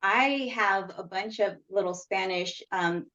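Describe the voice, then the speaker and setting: A woman's voice: medium pitch, sharp tone. Hesitant woman co-host on muffled audio. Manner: halting, hesitant. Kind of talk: conversational podcast interview.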